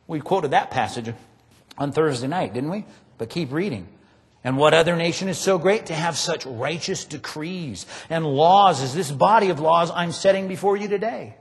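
A man preaching a sermon, emphatic and animated, often asking his congregation rhetorical questions. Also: a little high, in a large hall. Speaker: pastor.

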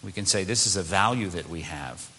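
A male pastor preaching a conversational sermon, full of asides and rhetorical questions, sometimes mimicking whiny voices in a high pitch. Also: brisk, pushed and bright, in a large hall, slight background noise. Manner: mimics whining body parts in a high voice.

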